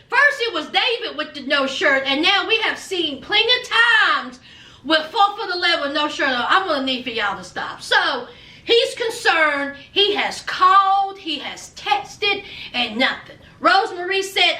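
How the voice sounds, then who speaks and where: A woman giving a sassy, animated TV recap, peppering her talk with "child" and "honey". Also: extremely high pitch, unhurried. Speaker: reality TV recapper. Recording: echoey room, distant mic.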